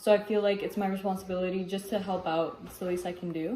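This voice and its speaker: A woman's voice: lowish voice, little pitch movement, rapid-fire, mellow, reverberant, rough recording. A teenage girl giving a mock audition speech in a stop-start way, often breaking into giggles. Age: teens. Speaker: teen filming a prank on her parents.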